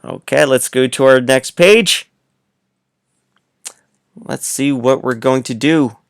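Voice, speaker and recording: Slow, playful male teacher reading aloud. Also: mid-range voice, gravelly, clean tone, dry recording, clean studio sound. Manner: playful, coaxing, speaks straight to the child. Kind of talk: read-aloud lesson for young children.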